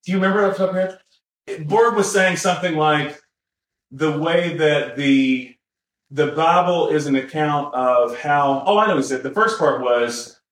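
A man co-hosting a podcast in casual chat, rambling and correcting himself with lots of fillers and chuckles. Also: fairly high pitch. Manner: chuckles while talking. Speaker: podcast co-host. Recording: roomy echo.

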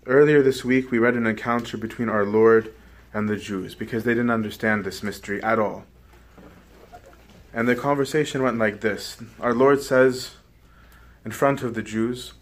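A man preaching a sermon, explaining scripture and checking in with his listeners by asking "right?". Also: on the low side.

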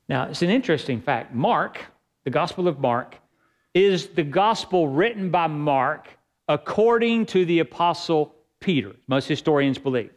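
A man's voice: a little high, expressive, moderate pace. A man preaching a sermon as pastor, reading scripture aloud and building emphasis.

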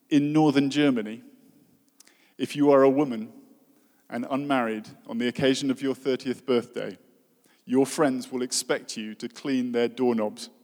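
A man's voice: mid-range voice, darkish tone. Earnest male preacher in a reverberant hall. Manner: earnest, with dry humor and rhetorical questions. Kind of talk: sermon.

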